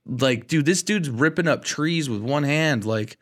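A man co-hosting a podcast in casual chat, excitable and animated, often saying "dude". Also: a little high, a little slow. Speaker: podcast co-host.

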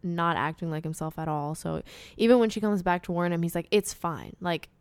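A young woman in casual conversation, recapping a movie in a relaxed way and chiming in with short agreements. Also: on the low side, a little fast, clear, resonant tone, dry recording.

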